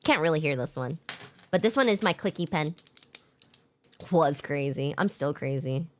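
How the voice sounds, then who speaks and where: A young adult woman streamer telling a story in casual chat, animated, self-mocking and swearing a lot. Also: sits low, normal speed, slight background noise.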